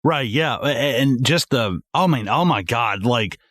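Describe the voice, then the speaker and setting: Animated, swearing podcast man. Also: mid-range voice, unhurried, dry recording, studio quality. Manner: animated, swearing, acts out movie lines in voices. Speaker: podcast co-host. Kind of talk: casual film discussion.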